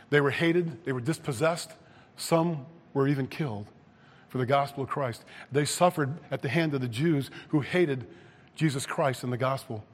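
Husky-voiced preacher in a reverberant hall. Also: male voice, fairly high pitch. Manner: preaching, rising to emphatic peaks on scripture. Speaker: pastor. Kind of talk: sermon.

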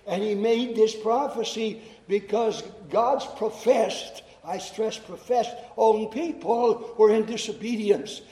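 A man preaching in chapel to students, explaining slowly and deliberately and repeating phrases for emphasis. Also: high-pitched, warm tone. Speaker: chapel speaker. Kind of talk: sermon to students. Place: chapel hall. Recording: echoey chapel hall.

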